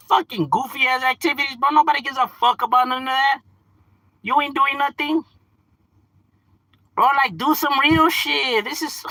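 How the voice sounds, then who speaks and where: A man chatting casually, mixing English and Spanish, animated and profane. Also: extremely high pitch, normal speed, slightly rough, no room sound. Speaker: livestream host. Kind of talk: casual chat.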